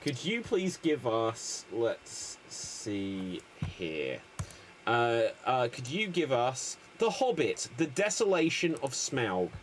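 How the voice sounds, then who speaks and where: A man hosting a live improv show with a lively, up-and-down voice as he calls time and asks the audience for suggestions. Faint noise sits behind him. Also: medium pitch, slow pace.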